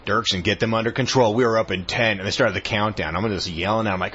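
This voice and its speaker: A man's voice: fairly low pitch, lively intonation, fast, hardly any pauses, a bit bright, breathy edge, muffled recording. A man co-hosting a radio show, teasing his co-host and telling playful stories in the studio. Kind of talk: casual radio banter.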